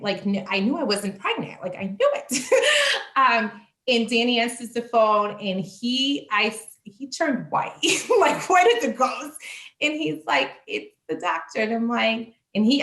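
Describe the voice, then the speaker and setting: A woman telling a personal testimony casually, animated, acting out the voices in her story and laughing often. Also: medium pitch, echoey room. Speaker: church member sharing testimony.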